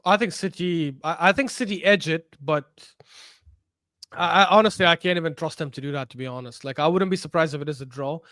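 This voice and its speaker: A man's voice: fairly high pitch, fairly quick, bright, forceful tone, no echo, clean studio sound. A young man co-hosting a casual football podcast, blunt and opinionated, teasing the others. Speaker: podcast co-host.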